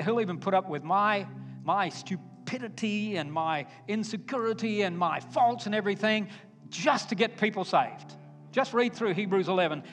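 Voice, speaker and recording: A man preaching a sermon to a congregation, emphatic and building to forceful exhortation. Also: high-pitched. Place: church sanctuary. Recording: long hall reverb, faint guitar. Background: faint guitar music.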